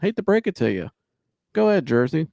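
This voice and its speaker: Gravelly-voiced man ranting as podcast host. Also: fairly high pitch, sing-song, fairly quick, a little mellow, no room sound, clean studio sound. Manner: blunt, heated, profane. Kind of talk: live sports podcast rant.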